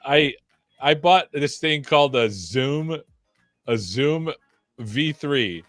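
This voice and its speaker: A man's voice: medium pitch, lively intonation, slow pace, a bit bright, no echo. Guy hosting a tech stream, goofy and self-mocking, dry mic with a little music in back. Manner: joking, self-deprecating. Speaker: tech show host. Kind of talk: casual livestream chat.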